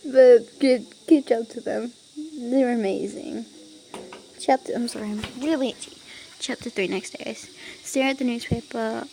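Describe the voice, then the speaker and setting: A woman's voice: a little high, unhurried, creaky, pauses often, dark tone, a little hiss or hum, rough recording. A woman casually reading online stories aloud, giggling often and breaking off into chatty asides. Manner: giggly, breaks off to laugh and ramble.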